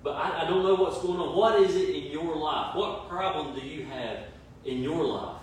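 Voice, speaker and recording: A male pastor preaches in a very echoey room, his slightly high voice carrying from a distance off the mic. He presses his points with repetition and questions, over faint room noise. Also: normal speed. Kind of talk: sermon. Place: church service streamed online.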